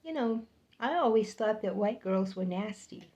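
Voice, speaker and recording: A woman voicing a blunt, scornful woman coworker in a spoken story, in a flat, matter-of-fact way. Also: medium pitch, moderate pace, close to an everyday voice.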